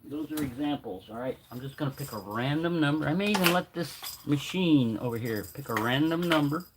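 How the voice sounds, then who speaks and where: A man's voice: fairly high pitch, expressive, brisk, noisy background. A man hosting a casual livestream at home, rambling and joking, sometimes mumbling asides to himself. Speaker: livestream host.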